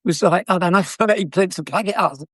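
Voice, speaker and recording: A man's voice: high voice, quick pace, breathy edge, no echo, clean studio sound. An older man with a South London accent, a former car dealer telling stories in a chatty, cheeky way with frequent laughs. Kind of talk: anecdotal storytelling.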